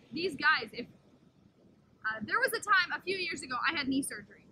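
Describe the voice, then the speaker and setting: Bright, high-voiced woman caretaker. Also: slight background noise, rough recording. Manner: enthusiastic, talks to the wolves in a high sing-song voice. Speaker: wolf caretaker. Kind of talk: casual outdoor explanation to camera. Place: outdoors beside wolf pens.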